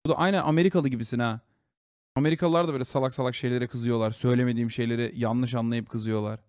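A man hosts a live stream and reacts to a video with blunt, combative, sweary remarks. His voice sits at an ordinary middle pitch. The sound is dry and close, with no room echo. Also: steady tone, racing, darkish tone. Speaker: livestream host.

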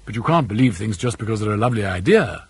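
A man's voice: lowish voice, expressive, quick pace, husky, dry recording, exaggerated voice. A man doing a skeptical, earnest young student. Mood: questioning.

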